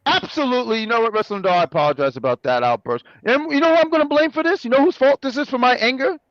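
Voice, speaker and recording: A man co-hosting a casual review chat, animated and joking, often correcting himself. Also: extremely high pitch, fast talker, no echo, lo-fi sound. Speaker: co-host.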